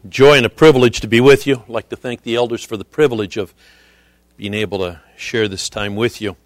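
A middle-aged man preaching a sermon as a visiting missionary, earnest and measured, often quoting scripture. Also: medium pitch, fairly even intonation, no room sound, studio quality.

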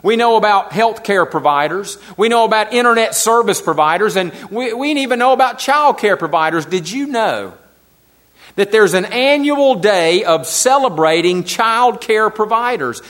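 High-voiced man preaching a sermon. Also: animated, moderate pace, fairly bright tone. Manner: earnest preaching, repeats key phrases, asks the congregation questions. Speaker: pastor.

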